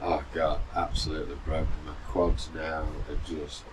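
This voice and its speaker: Very deep-voiced middle-aged man, rambling outdoors. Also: flat delivery, moderate pace. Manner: rambling, chatty, full of fillers and restarts. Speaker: runner vlogger. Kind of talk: casual storytelling. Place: outdoor balcony in the mountains. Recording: distant mic with noisy outdoor ambience.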